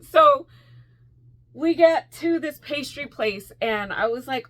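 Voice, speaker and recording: A woman vlogging casually to camera, telling stories with quick asides, bursts of laughter and an animated delivery. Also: a little high. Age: adult with a school-age daughter. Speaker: crochet vlogger.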